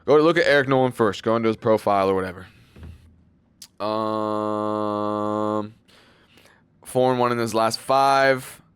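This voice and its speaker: A man's voice: lowish voice, unhurried, long pauses, clear, resonant tone, dry recording. A young man giving casual, rambling fight predictions, loose and slangy, with lots of fillers and swearing. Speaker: MMA fight predictions channel host.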